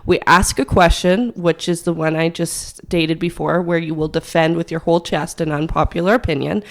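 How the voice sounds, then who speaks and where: Hoarse young woman co-host, gravelly low voice, frank opinions. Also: fairly even intonation, moderate pace. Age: young adult. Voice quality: raspy, gravelly. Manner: laughs often, frank and opinionated. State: hoarse from hay fever. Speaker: podcast co-host. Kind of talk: casual chat.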